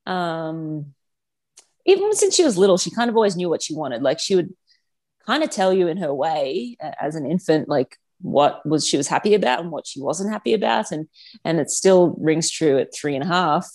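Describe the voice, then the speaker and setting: A woman in her thirties speaks as a podcast guest, her voice sitting a little low. She talks in a relaxed, candid way, with plenty of fillers and restarts. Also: moderate pace. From Australia. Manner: chatty, frank, many "like" fillers. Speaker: guest, professional triathlete and mother. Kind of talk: casual podcast conversation.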